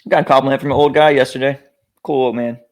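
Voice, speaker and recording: A man in his thirties co-hosting a casual podcast, laid-back and quick to laugh. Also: medium pitch, fairly even intonation. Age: 30s. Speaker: podcast co-host. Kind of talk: casual chat.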